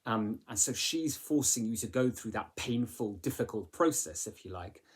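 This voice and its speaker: Chatty husky male English teacher. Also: fairly low pitch, animated, normal speed. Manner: chatty, asks rhetorical questions, many fillers. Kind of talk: recorded literature lesson.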